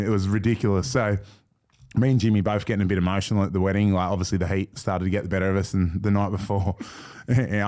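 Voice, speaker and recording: Fast-talking Australian man, low voice. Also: darkish tone. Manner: quick, swearing, laughing storyteller. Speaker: podcast co-host. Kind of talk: casual chat.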